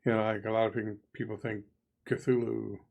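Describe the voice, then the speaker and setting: A man's voice: on the low side, level tone, normal speed, gravelly, darkish tone. A man co-hosting a casual game review podcast, chatty and musing, often trailing into asides. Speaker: podcast co-host, player. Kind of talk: casual discussion.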